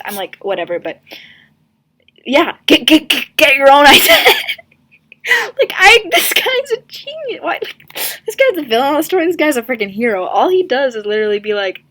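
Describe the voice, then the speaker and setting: Exasperated young woman ranting, high voice. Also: animated, fairly quick, fairly bright tone. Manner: exasperated, sarcastic, many fillers. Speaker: vlogger reviewing a comic. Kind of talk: casual ranting review.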